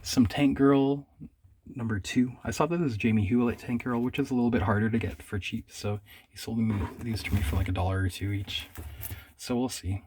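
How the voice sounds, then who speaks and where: A man chatting casually about old comics in a mid-pitched voice. He rambles, laughs at himself and trails off quietly. His talk is loose and unscripted. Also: fairly even intonation, a little fast, a little hiss or hum. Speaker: comic collector vlogger. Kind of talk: casual chat reading comics aloud.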